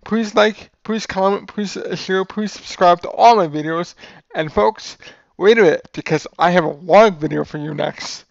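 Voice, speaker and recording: A man's voice: sits high, normal speed, vocal fry, no room sound. An enthusiastic man reviewing food in a casual vlog, rambling with restarts and calling his viewers "folks". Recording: dull lo-fi sound.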